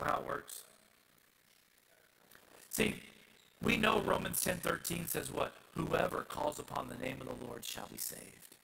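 A man preaching a sermon as pastor, swinging from hushed asides to loud shouted passages. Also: a little high, moderate pace, creaky, faint music behind, rough recording.

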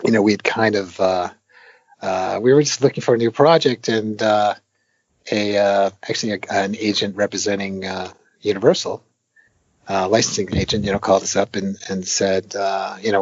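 An older man, a game designer, talking casually in an interview, rambling with lots of fillers and animated retellings. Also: on the low side, normal speed, no echo, muffled recording. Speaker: veteran arcade game designer, guest.

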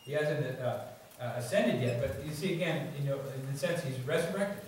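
Speaking in a mid-range voice at normal speed, this pastor keeps his sermon conversational, sprinkling in "you see" and "okay?" often. It was captured in a church sanctuary that sounds very echoey, through a distant microphone with faint noise.

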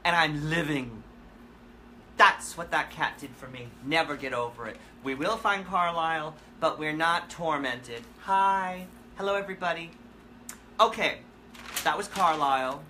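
Woman, comic host in character, deadpan and rambling, bright edge to a lowish voice. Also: a little hiss or hum. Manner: absurd deadpan storytelling, halting restarts. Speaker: comedic musician persona hosting a live Q&A. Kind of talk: rambling comic livestream chat.

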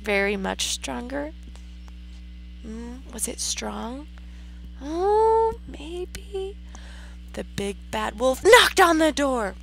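A woman teacher reading a story aloud to a class, animated and expressive, stopping to ask questions. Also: high voice, drawn-out words, vocal fry, long pauses, slight background noise, low-quality recording.

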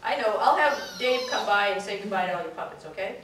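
A woman's voice: mid-range voice, lively intonation, quick pace, over music. A woman puppeteer guiding children through a puppet activity, talking playfully and often laughing. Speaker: puppeteer leading a children's workshop. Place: indoor puppet exhibit room. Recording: echoey room, far from mic, background noise.

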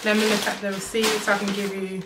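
A woman's voice: mid-range voice, little pitch movement, fast. Young woman vlogger, rambling and playful, recorded on a far-off camera mic in a noisy room. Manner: chatty, rambling, playful repetition. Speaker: fashion vlogger. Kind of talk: casual try-on haul chat. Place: room at home. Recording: distant camera mic with background noise.

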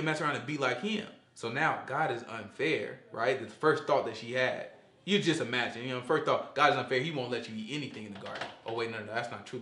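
A man leading a casual Bible study, animated and conversational, acting out the quotes he explains. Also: medium pitch. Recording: echoey room.

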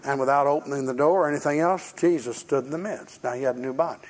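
A man's voice: mid-range voice, fast talker. An older man preaching a sermon in a folksy, storytelling way, acting out the voices of people in his stories.

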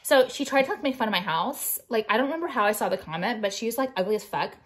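A woman vlogger vents to her viewers in a combative, profanity-laced rant. Her voice sits fairly high, and she leans on "like" throughout. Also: expressive, quick pace. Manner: profane, combative, heavy filler "like". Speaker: jewelry brand owner and vlogger.

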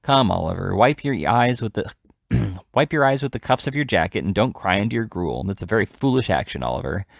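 A man's voice: lowish voice, animated, a little fast, vocal fry, no room sound, clean studio sound. A man voicing a pompous, blustering male parish beadle in a storybook reading.

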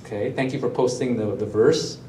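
Pastor, male, mid-pitched, lively sermon delivery, recorded from a distance in a reverberant sanctuary with a faint hum. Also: brisk. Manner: animated, asks the congregation questions. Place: church sanctuary, also streamed online. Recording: roomy echo, mic at a distance.

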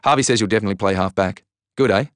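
Man reading as father, eager, upbeat, low voice, dry sound. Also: rapid-fire, dry recording, close to an everyday voice. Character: hopeful, encouraging middle-aged father.

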